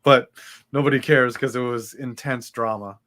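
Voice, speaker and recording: A man's voice: medium pitch, steady tone, normal speed, fairly bright tone, a little hiss or hum. A man co-hosting a sports podcast, reading out listener messages and chatting loosely with jokes and swearing. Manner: loose, swearing, jokey asides. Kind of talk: casual sports chat.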